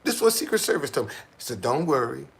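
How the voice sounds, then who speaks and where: A man telling stories casually to a small group, animated and profane, repeating words as he goes. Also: medium pitch, quick pace, gravelly, breathy edge.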